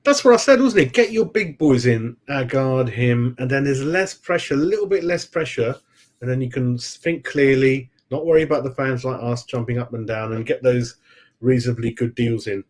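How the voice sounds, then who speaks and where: A rambling man, mid-pitched, talks casually on a live stream. He chats loosely with his viewers, laughs easily and keeps calling them mate. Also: moderate pace, darkish tone. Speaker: football fan channel host.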